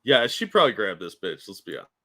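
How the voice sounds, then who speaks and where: A man's voice: on the low side, very animated, fast talker, sharp tone. A man co-hosting a casual podcast, chiming in with quips and laughing often. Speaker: podcast co-host. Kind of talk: casual chat.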